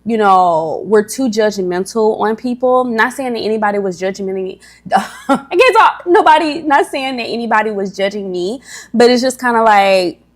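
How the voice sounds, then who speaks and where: A woman's voice: mid-range voice, moderate pace. A young woman talks straight into her mic on a casual livestream, rambling and encouraging. She is a little nervous and often stumbles and restarts her thoughts, filling gaps with easy conversational asides. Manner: chatty, rambling, stumbles over words. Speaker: livestream host. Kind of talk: casual motivational livestream talk.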